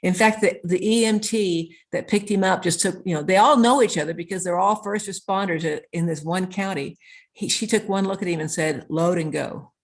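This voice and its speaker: A woman guest, medium-pitched and brisk, shares a story in an interview. She's earnest about it and keeps stacking clauses with "and."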